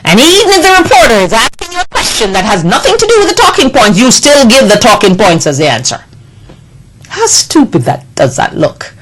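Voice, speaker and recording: Indignant, animated woman ranting. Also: fairly high pitch, fairly quick, a little hiss or hum, rough recording. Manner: indignant, scolding, emphatic. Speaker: political commentator. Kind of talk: impassioned political monologue.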